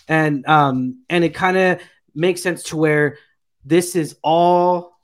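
A man with a slightly raised pitch, talking loosely and eagerly through an episode recap. He rambles, fills gaps with "um" and "you know", and piles on his praise. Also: fairly even intonation, takes it slowly. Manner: rambling, filler-heavy, enthusiastic retelling. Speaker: podcast co-host reviewing a TV episode. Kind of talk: casual review chat.

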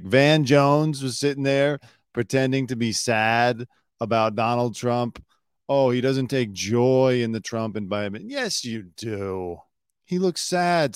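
A man hosting a casual news commentary show, sarcastic and quick to mock pundits. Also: mid-range voice, smooth, no echo, studio quality. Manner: sarcastic, mocks pundits in put-on mopey voices.

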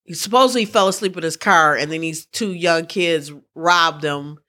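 A woman's voice: sits low, normal speed, bright, forceful tone. A woman hosting a podcast, rambling through sports news in casual chat and often restarting her sentences. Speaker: podcast host.

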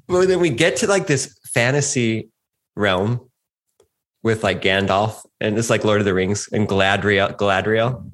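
A man's voice: on the low side, takes it slowly, a bit bright. Rambling, reflective man in his forties. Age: 40s. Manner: rambling, reflective, laughs often, restarts sentences. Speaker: podcast co-host. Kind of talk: casual chat.

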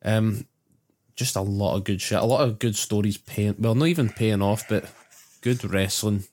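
A man's voice: lowish voice, normal speed, a little mellow. A Scottish man co-hosting a podcast, running through recaps in sweary casual banter. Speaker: podcast co-host. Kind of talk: casual chat.

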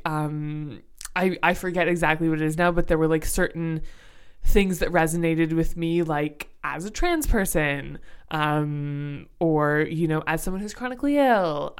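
A woman's voice: sits low, slow, clean tone. A young adult woman co-hosting a book podcast, talking casually and thoughtfully, searching for words with many fillers.

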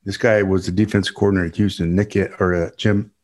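A man telling a story in casual podcast chat, easygoing and unhurried, chuckling between lines. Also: low voice, little pitch movement, darkish tone. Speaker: podcast co-host, former tight end.

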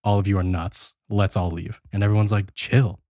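Man, podcast host, low-ish voice, animated retelling, dry close sound. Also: a little fast, dry recording. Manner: animated retelling, acting out characters' lines. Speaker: podcast host recapping a film. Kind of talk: casual chat.

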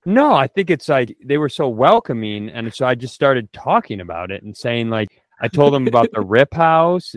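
A man's voice: mid-range voice, sing-song, normal speed, few pauses, no echo. A man on a podcast doing improvised comedy banter, profane and full of mock threats. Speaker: podcast co-host.

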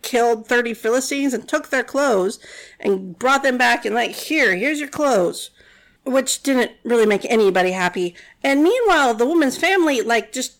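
Woman storyteller, high-pitched, casual and wry, peppered with fillers. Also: fairly bright tone. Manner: chatty and sarcastic, many "like" fillers. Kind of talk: casual retelling of a Bible story.

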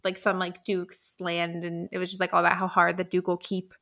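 A woman's voice: on the low side, monotone, fairly quick, creaky, a bit bright. An American woman co-hosting a casual book podcast, talking with lots of fillers and easy laughter. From United States. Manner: chatty, many fillers, laughs often. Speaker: podcast co-host.

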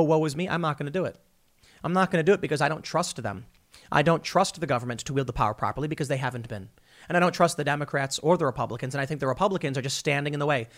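Guy doing a heated opinion monologue, kinda high voice, punchy, lots of restarts. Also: fairly bright tone. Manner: emphatic and combative, with frequent restarts. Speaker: political commentator.

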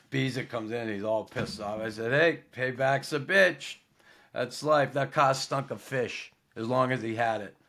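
A man's voice: medium pitch, fairly bright tone. Laid-back middle-aged man telling a story. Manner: laid-back, profane, lots of fillers. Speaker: podcast host. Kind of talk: casual storytelling.

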